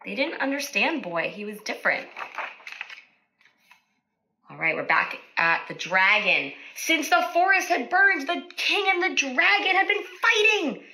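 High, lively woman reading aloud. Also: measured pace, poor audio. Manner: animated, asks children questions. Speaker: speech-language therapist. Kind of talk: reading a picture book aloud to children.

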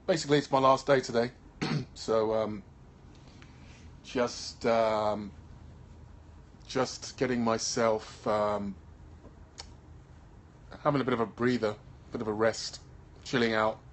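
Tired man from Birmingham, actor, relaxed live-stream chat through a handheld phone, throat-clearing, trailing ums. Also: mid-range voice, slow, pauses often, a little hiss or hum. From Birmingham, England. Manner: laid-back, keeps clearing his throat, trails off with ums. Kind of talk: casual live-stream chat, reading viewer comments. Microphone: phone held in hand.

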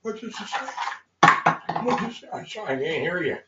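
A man on a livestream, chatting in a rambling, profane, emotional way, swinging between shouts and mutters. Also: high-pitched, lively intonation, brisk, recorded from a distance, muffled recording, heavy background noise.

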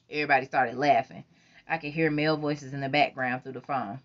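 A woman reading a first-person novel aloud as an audiobook, in a plain, even manner. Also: extremely low pitch, fairly quick. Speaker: audiobook reader. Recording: dull lo-fi recording.

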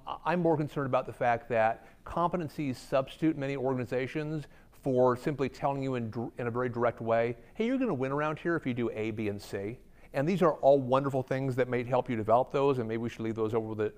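A man speaking as a guest at a company talk, answering audience questions in a candid, conversational way with frequent ums. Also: medium pitch. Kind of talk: conference Q&A talk. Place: company event room.

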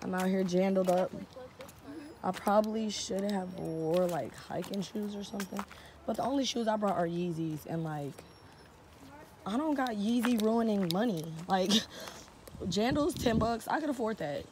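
A woman's voice: mid-range voice, expressive, normal speed, a little mellow, slight background noise. A young woman chatting casually and swearing freely while vlogging on a phone outdoors. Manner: laid-back, swears often, slangy. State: out of breath. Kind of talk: casual vlog chat. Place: outdoors by a creek.

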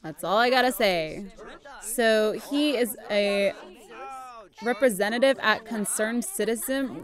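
A woman's voice: on the high side, expressive, measured pace. A young adult woman casually commentating a life-sim game, chatty and playful, often laughing. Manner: chatty, giggly, playful self-narration. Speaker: gaming YouTuber. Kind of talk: casual let's-play commentary.

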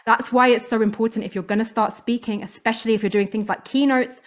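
A young woman leads a motivational talk in a slightly high voice. She sounds upbeat and emphatic and drives each point home by repeating its key word. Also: fairly even intonation, fast talker. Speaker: voice coach. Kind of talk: motivational talk to a live audience.

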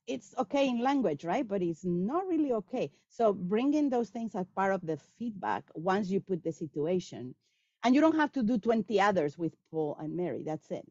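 A woman answering questions after a talk on language teaching, animated and acting out quoted students. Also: mid-range voice, no echo. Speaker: guest speaker on language teaching. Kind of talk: lecture Q&A answer. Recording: dull lo-fi sound.

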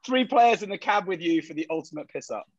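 A man's voice: high voice, animated, fast talker, no echo, highs cut off. A man hosting a podcast, firing off short interview questions and wrapping up the show. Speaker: podcast host. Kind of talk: rapid-fire interview questions.

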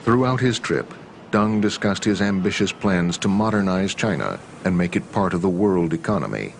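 Deep-voiced male documentary narrator. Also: expressive, normal speed, creaky, a little hiss or hum.

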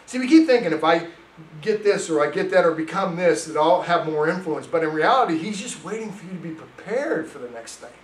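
Animated, high-voiced male pastor preaching. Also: brisk, roomy sound, recorded from a distance, a little hiss or hum, poor audio. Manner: animated storytelling, reads scripture aloud. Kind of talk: sermon. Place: church sanctuary.

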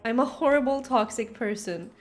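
A woman's voice: fairly high pitch, moderate pace, soft background music. A woman streaming a video game, chatting casually and giggling often. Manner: giggly, animated.

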